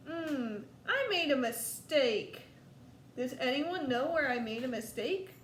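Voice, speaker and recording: A woman with a Southern US accent teaching a first grade lesson, slow and coaxing, stretching words out for young children. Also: high-pitched, expressive. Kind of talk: recorded distance-learning lesson for young children. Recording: echoey room, faint background noise.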